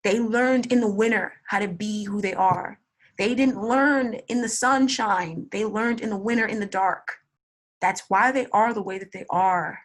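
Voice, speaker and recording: A woman's voice: medium pitch, unhurried. A young woman giving a casual tarot reading, blunt and swearing, repeating words for emphasis. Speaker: tarot reader.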